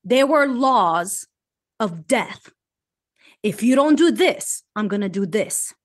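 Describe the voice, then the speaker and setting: High-voiced woman, heated panel talk. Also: expressive, slow pace. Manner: reads scripture aloud, grows heated and emphatic. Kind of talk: online panel discussion.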